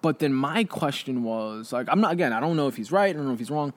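A man's voice: medium pitch, expressive, fast talker. A young man hosting a casual conversation, rambling with lots of fillers and restarts.

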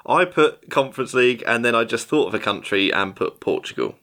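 A man's voice: mid-range voice, animated, a little fast, bright, forceful tone. A man taking part in a casual podcast quiz, giving dry, wry reactions. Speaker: quiz contestant.

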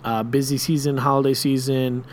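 A man co-hosting a casual podcast, with a laid-back, teasing way of talking and frequent restarts. His voice sits at an ordinary pitch. A faint ambient hum stays behind him. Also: level tone, moderate pace. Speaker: podcast co-host. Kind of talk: casual chat.

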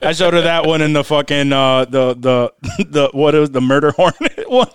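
A man's voice: on the high side, expressive, normal speed, smooth, dry recording, studio quality. A young man hosting a podcast, telling stories in a casual chat, laughing often and swearing freely. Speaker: podcast host.

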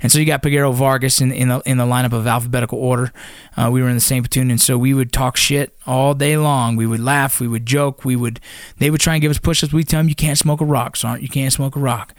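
A man's voice: mid-range voice, fairly even intonation, fast talker, no echo, clean studio sound. Blunt, profane ex-Ranger man. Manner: blunt and profane, with many fillers. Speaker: former Army Ranger. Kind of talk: casual storytelling.

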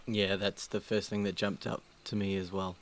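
Lower-pitched male co-host, measured and hesitant in a book chat. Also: level tone. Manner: thoughtful, hesitant with fillers. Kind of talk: casual book discussion.

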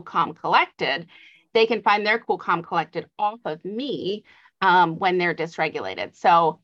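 A woman's voice: fairly low pitch, bright, forceful tone. A middle-aged woman giving parenting advice in an interview, earnest and explanatory, with light laughs. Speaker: author and adoption guest. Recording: slightly dull lo-fi audio.

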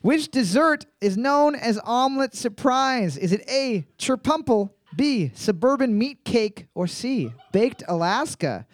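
A man hosting live trivia, reading each question twice in a slow, drawn-out way and joking between questions. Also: very high-pitched, animated, no room sound, clean studio sound. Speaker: trivia host.

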